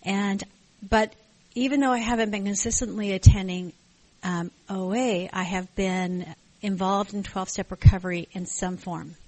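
A middle-aged woman speaks to a support group in a thoughtful, searching way. Her voice sits at a middle pitch, and she often pauses, restarts and adds "um"s. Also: fairly even intonation, a little mellow, poor audio. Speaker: support group member sharing. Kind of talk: personal testimony at a group meeting. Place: meeting room with a group.

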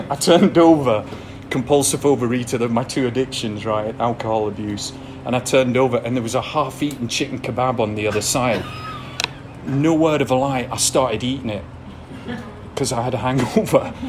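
A man with an English accent gives a candid personal testimony to an audience, mixing blunt confession with self-deprecating laughs. His voice sits at an ordinary middle pitch. A faint hiss of background noise runs under the recording. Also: fairly even intonation, normal speed. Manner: frank, self-deprecating storytelling with frequent laughs. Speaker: speaker sharing a recovery story.

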